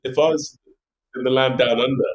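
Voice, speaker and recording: A man's voice: mid-range voice, fairly even intonation, fairly quick. A man hosting a podcast, dropping short teasing interjections in casual chat. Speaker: podcast host.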